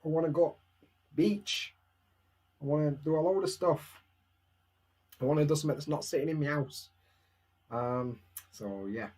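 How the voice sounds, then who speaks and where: A man's voice: a little high, moderate pace, long pauses, a little mellow. A young man with a Barnsley Yorkshire accent, chatting casually and self-mockingly at home on a live stream, answering viewers' questions.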